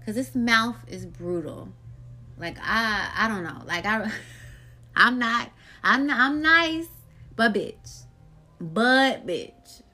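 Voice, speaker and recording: A woman hosting her own podcast, talking in a blunt, profane and animated solo monologue about her life. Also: fairly high pitch, takes it slowly, soft background music. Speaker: podcast host.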